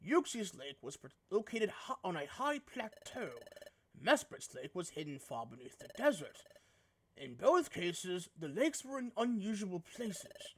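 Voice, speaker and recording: A woman voicing a grave, formal male ghost creature with a British accent, explaining slowly and solemnly. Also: mid-range voice, big pitch swings, husky, voice pushed down, exaggerated voice.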